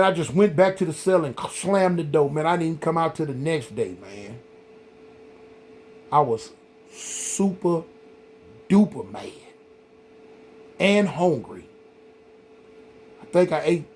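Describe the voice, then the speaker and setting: A middle-aged man hosting a vlog, telling a story in a casual, rambling, animated way, full of "man" and "y'all". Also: a little high, a little fast, a little hiss or hum. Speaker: vlog host.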